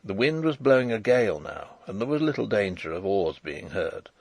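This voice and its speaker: Give me a man narrating an audiobook in a measured, dramatic way, with a gravelly voice. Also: lowish voice, big pitch swings, dry recording. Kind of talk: first-person audiobook narration.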